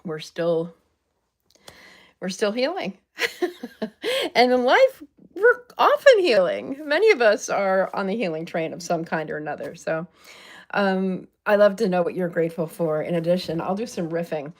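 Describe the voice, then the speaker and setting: A woman's voice: fairly low pitch, moderate pace. An older woman from Southern California hosting a live-stream chat from her purple room at home, upbeat and chatty, greeting viewers by name. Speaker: livestream host.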